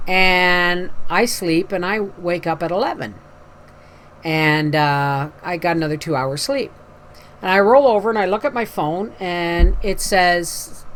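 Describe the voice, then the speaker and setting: A woman's voice: mid-range voice, a bit bright, slight background noise. A woman talking casually to camera as a homestead vlogger, a chatty storyteller who acts out the voices in her anecdotes and sounds tired after a night with a migraine.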